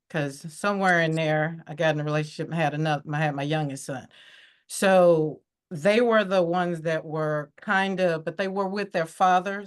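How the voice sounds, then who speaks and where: A woman's voice: lowish voice, clean tone. A woman as a podcast guest, telling her personal story in a candid, reflective way, livening up when she quotes others.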